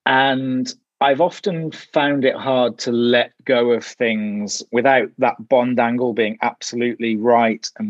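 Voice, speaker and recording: A man's voice: mid-range voice, no echo. A thoughtful man chats casually as an interview guest, musing through his answers. His voice sits in the middle range. The recording is dry and a little dull. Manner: thoughtful, musing, with frequent "sort of" hedges. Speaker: guest, journal editor.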